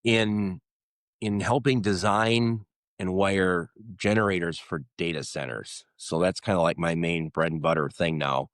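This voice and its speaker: A middle-aged man talks in a loose, rambling podcast chat and pokes fun at himself. His voice sits fairly low. The sound is dry and close, with no room in it. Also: fairly even intonation, unhurried, no room sound. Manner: rambling, self-deprecating humor. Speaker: podcast co-host. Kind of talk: casual chat.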